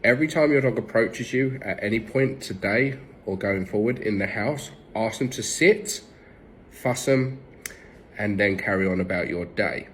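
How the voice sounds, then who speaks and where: A man's voice: fairly low pitch, moderate pace, slight background noise, rough recording. A man with an English accent, a dog trainer giving blunt, direct tips and swearing casually. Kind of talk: instructional tips to camera. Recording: music playing behind.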